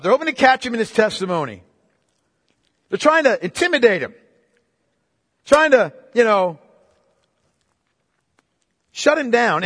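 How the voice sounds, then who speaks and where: A man's voice: sits high, a bit bright, husky. A man preaching a sermon, emphatic and casual, repeating his phrases, recorded in a church hall. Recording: long reverb of a hall.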